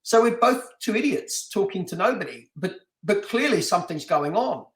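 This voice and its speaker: Animated London-born man telling a story. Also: high voice, moderate pace, echoey room. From London, England. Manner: animated, laughs often, many restarts. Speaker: podcast guest, martial artist and stunt actor. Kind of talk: casual storytelling interview.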